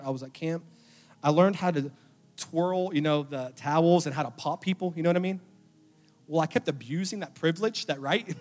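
A young adult man preaching a sermon, telling a personal story with emotion, his voice dropping to a hush and then rising loud. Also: a little high. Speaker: pastor. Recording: long hall reverb with faint music. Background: faint music.

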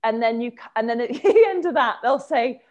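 A woman hosting a casual chat, animated and quick to laugh, talking in rambling restarts. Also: fairly high pitch, lo-fi sound. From England.

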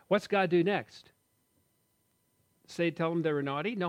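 A man in his sixties giving a sermon, telling a story with jokes and asides in a lively way. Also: on the high side, moderate pace. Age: 60s. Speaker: pastor.

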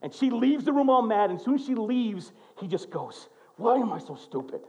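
A man preaching a sermon as a pastor, telling stories and acting out quotes in an animated way. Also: extremely high pitch, moderate pace, dull audio. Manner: animated, storytelling with acted-out quotes.

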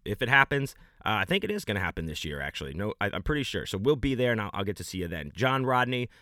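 A man's voice: lowish voice, very animated, fast talker, sharp tone, no echo, clean studio sound. Laid-back man hosting a podcast. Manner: loose, rambling, enthusiastic. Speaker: podcast host. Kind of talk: casual podcast shout-outs.

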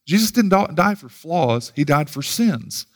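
A man's voice: on the high side, expressive, measured pace. A man teaching about preaching, emphatic and full of rhetorical questions. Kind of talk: teaching talk.

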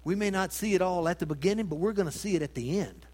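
Male pastor mid-sermon, dramatic shifts from booming emphasis to near-whisper. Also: fast. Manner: dramatic swings between loud emphasis and hushed tones; addresses congregation with rhetorical questions. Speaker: preacher.

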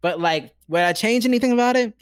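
A man's voice: sits high, quick pace, clean tone, no echo. Chatty young man, dry close sound. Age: young adult. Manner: animated, chatty, heavy use of "like". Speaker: stage actor guest. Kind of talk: casual conversational storytelling.

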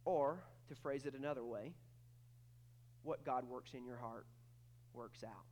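A man preaching a sermon with emphatic swings between loud, high bursts and quiet, low stretches, often repeating words as he starts a thought. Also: unhurried, highs cut off, slight background noise. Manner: acts out quoted voices in dialogue. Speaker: pastor.

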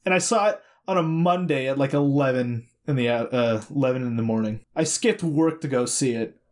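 A man chatting casually about movies, animated, exclaiming and groaning as he talks. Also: medium pitch, normal speed.

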